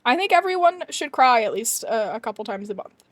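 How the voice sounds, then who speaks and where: A woman's voice: a little high, sing-song, brisk, a bit bright, dry recording. A young adult woman streaming, chatting casually and animatedly to her viewers, laughing often and ranting with emphasis. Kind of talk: casual chat to live chat.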